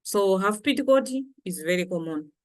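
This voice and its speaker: A woman's voice: medium pitch, animated, normal speed. A woman from Malawi teaching vocabulary in a casual lesson, patiently repeating each word for learners. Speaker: language teacher.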